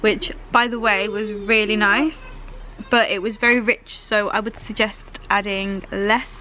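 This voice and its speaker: A woman's voice: mid-range voice, level tone, measured pace, pushed and bright, poor audio. A young woman vlogging casually at home and in the garden, chatty and upbeat, laughing often as she talks to the camera. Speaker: vlogger and mother. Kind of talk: casual home vlog chat.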